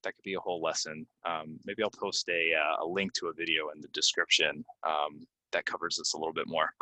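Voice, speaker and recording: Low bright-voiced teacher. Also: male voice, level tone, no echo. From United States. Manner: slow, stressed model pronunciations with many ums. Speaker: English pronunciation teacher. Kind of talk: casual spoken lesson to learners.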